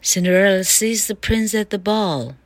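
A woman teacher reading a storybook aloud slowly and carefully in a bilingual lesson. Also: mid-range voice, lively intonation. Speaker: English teacher.

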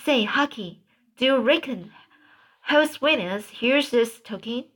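A woman doing Tom Sawyer, a hushed boy. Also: fairly high pitch, expressive, slow pace, exaggerated voice. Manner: whispered, reassuring. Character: frightened boy whispering in a graveyard.

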